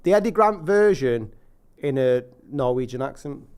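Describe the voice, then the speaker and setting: A man's voice: medium pitch, expressive, moderate pace, darkish tone, clean tone. A man co-hosting a casual podcast chat, joking, laughing often and humming chant tunes. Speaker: podcast co-host.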